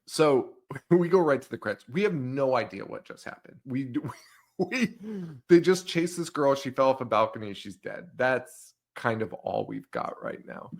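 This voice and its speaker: A man's voice: medium pitch, lively intonation, normal speed, gravelly. A man co-hosting a movie podcast in casual chat, joking and laughing often as he recaps scenes. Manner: joking, laughs often, acts out silly quotes. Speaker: podcast co-host.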